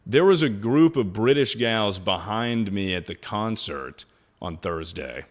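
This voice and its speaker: A man's voice: on the low side, expressive, unhurried. A man streaming live, chatting loosely and jokingly, swearing often and calling everyone "dude". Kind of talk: casual livestream chat.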